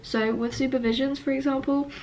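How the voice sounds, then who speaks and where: A woman's voice: high-pitched, fairly even intonation, a little fast, darkish tone, slight background noise. A young woman, a university student, venting tearfully in a personal vlog, sniffling and self-critical as she rambles. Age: young adult.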